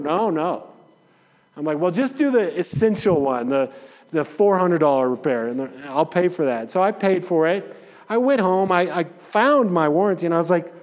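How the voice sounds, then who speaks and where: A man's voice: fairly high pitch, animated, normal speed. A man preaching a sermon in a conversational, storytelling way, acting out the people in his anecdotes. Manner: conversational storytelling, acts out dialogue. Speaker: pastor. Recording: long hall reverb.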